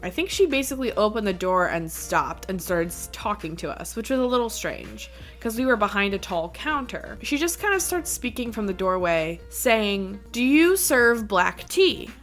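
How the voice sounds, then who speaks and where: A woman's voice: mid-range voice, animated, moderate pace, hardly any pauses, fairly bright tone, faint music behind. Chatty woman vlogger telling a story. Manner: chatty, laughs easily, says "like" and "you know" a lot. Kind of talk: casual storytime monologue.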